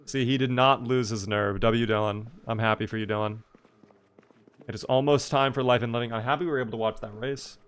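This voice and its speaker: A man's voice: medium pitch, fairly even intonation, fairly quick, a bit bright, smooth. A young man casually chatting through a live gameplay stream, reacting to the game and answering his chat.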